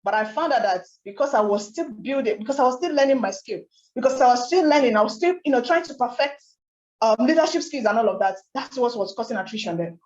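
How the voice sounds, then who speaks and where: A young woman speaks in a high voice, telling her story with emphatic, animated energy and many rhetorical questions. The sound is roomy and a little dull, like a talk given in a hall. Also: quick pace. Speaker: network marketing speaker. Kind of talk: motivational testimony talk.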